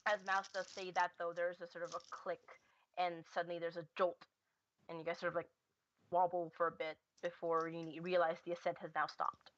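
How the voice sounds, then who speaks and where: A woman's voice: fairly low pitch, level tone, a little fast, dull audio. A woman narrating a tabletop game as game master, hesitant, with many fillers and self-corrections.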